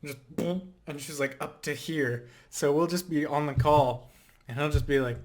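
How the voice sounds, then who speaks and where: A young man casually rambling in a vlog, telling animated stories full of fillers and laughter. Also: on the high side, unhurried. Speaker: vlogger.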